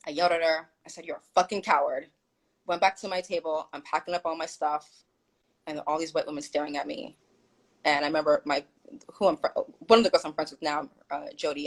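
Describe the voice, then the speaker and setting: Through a low-quality recording, a woman with a deep, slightly rough voice tells a story as a guest in a casual video-call chat. She's animated and acts out the quoted dialogue.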